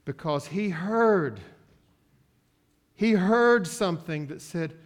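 Slow, emphatic preaching man. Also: high-pitched, animated. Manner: swings from soft asides to loud, stretched-out declarations. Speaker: pastor. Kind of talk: sermon.

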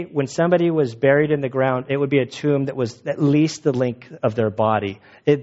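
A man's voice: mid-range voice, a little mellow. A male pastor preaching a sermon in a casual, joking, conversational way. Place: church. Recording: dull lo-fi sound.

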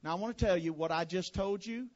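A pastor from West Monroe, Louisiana, with a Southern accent, preaching a fiery sermon to a congregation. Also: male voice, sits high, fast talker, dull audio. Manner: fiery preaching, swinging from hushed to shouted.

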